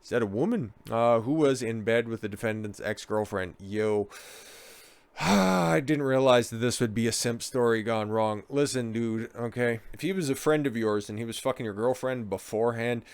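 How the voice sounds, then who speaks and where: A man's voice: mid-range voice, moderate pace, smooth, no echo. A man giving crude, sarcastic commentary while reading out a news story. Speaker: online commentator.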